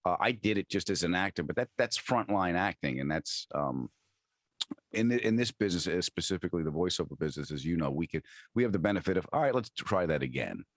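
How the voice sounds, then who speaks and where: A middle-aged man with a New York accent, a comedian and actor, telling animated stories on a podcast and restarting his sentences often. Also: deep voice, quick pace, dry recording, clean studio sound. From Long Island, New York. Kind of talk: casual storytelling interview.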